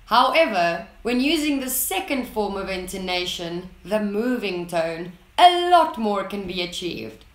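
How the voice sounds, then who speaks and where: Slow careful lady explaining english, roomy echo. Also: mid-range voice, very animated. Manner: slow, deliberate, clearly enunciated example sentences. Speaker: English teacher. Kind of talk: scripted lesson narration.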